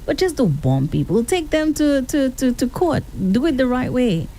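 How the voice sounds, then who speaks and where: A woman's voice: sits high, big pitch swings, moderate pace, warm tone. A woman from the Caribbean co-hosting a political talk show, indignant and outspoken. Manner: indignant, echoes the host, says "come on". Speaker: radio co-host.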